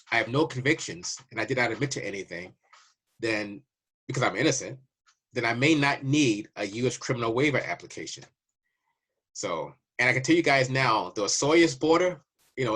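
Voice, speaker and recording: A Canadian man who represents a waiver service chats casually with viewers, telling a border story and acting out the dialogue along the way. His voice is lowish and a bit bright.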